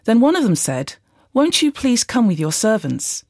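A woman reading a Bible passage aloud in a measured way, lightly voicing the quoted speakers. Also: a little high, very animated, a little mellow, dry recording, studio quality. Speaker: Bible reader. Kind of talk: scripted scripture reading.

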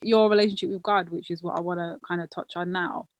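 A man hosting an interview, speaking in a relaxed, reflective way. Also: sits high, quick pace, dry recording. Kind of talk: casual interview questions.

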